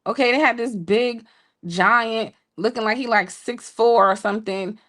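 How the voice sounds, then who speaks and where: A woman co-hosting a show, telling a story in a casual, playful way with laughing asides to listeners. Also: unhurried. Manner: animated, jumps high when quoting people. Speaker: podcast co-host telling a story.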